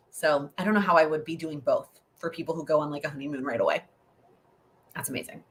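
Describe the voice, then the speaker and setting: A young woman hosts a live Q&A stream, talking quickly in a low-sitting voice. She's chatty and rambling, laughing often as she works through the questions.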